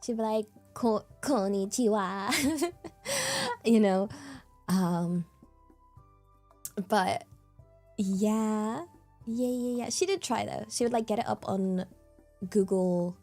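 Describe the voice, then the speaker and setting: A woman's voice: medium pitch, gravelly, warm tone. A young British woman streaming, chatting casually in a giggly way full of fillers. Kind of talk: casual chat.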